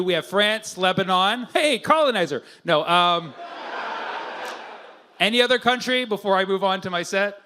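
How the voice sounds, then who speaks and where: A male stand-up comedian working the crowd at a live show. His voice sits high and bright, and his pitch swings widely as he trades brash, profane banter with the audience. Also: slight background noise.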